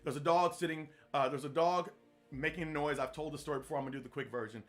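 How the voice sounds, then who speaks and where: A man's voice: on the high side, fast, faint music behind. A man hosting a podcast, giving an earnest, repetitive motivational talk in a preacher-like manner. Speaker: podcast host. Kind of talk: motivational monologue.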